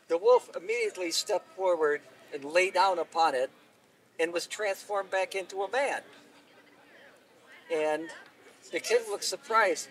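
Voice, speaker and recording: Man telling a folk tale out loud outdoors, really animated pitch, mic far off. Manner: unhurried, expressive telling with small restarts. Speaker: storyteller. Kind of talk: oral storytelling. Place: outdoor event.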